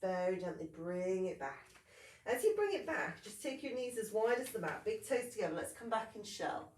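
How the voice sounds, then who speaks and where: A woman talks a Pilates class through each move in calm, steady cues, a little sniffly with hay fever. Her voice sits at a middling pitch. It is recorded from a distance, in a room that gives it a noticeable echo. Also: normal speed. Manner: calm, steady cueing with brief apologies for sniffles and yawns. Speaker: Pilates instructor. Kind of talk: guided exercise class instruction. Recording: roomy sound, mic at a distance.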